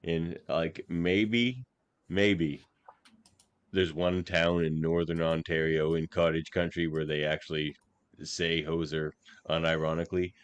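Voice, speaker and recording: A man's voice: low voice, little pitch movement, unhurried, smooth, dry recording. A man from Nova Scotia co-hosting a podcast in casual, dry-humored chat. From Nova Scotia, Canada. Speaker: podcast co-host.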